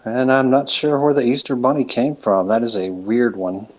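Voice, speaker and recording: A man's voice: mid-range voice, fairly even intonation, normal speed. A man chatting casually on a live stream, rambling and hesitant, with plenty of fillers. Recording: dull lo-fi stream audio.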